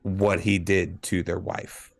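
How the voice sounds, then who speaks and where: A man's voice: deep voice, flat delivery, slow pace, gravelly. A man in a casual film review chat who talks hesitantly, restarting his sentences and laughing along. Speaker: podcast co-host.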